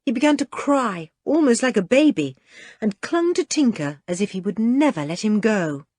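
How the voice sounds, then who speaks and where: A woman narrating a children's adventure audiobook with expressive reading. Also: fairly high pitch, moderate pace, no room sound, clean studio sound. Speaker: audiobook reader. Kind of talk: storybook narration.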